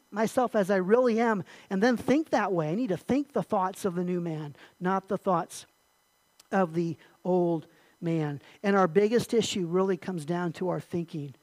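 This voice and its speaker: A man preaching an earnest sermon as pastor, repeating key phrases and sometimes clearing his throat. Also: high voice, no echo, rough recording.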